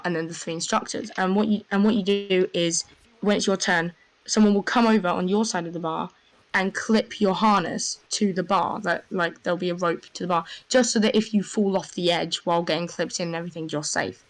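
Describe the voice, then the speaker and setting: A woman's voice: lowish voice, rough recording. Rambling young woman telling a story. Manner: rambling, filler-heavy, excitable. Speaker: gamer. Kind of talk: casual storytelling over voice chat.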